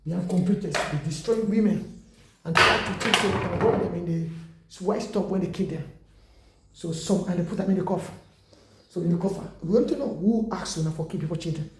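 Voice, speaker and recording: High, gravelly man preaching. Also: brisk, reverberant, very noisy. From Africa. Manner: impassioned, rambling, broken English. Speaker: self-styled preacher. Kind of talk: rambling exhortation. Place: indoors at home.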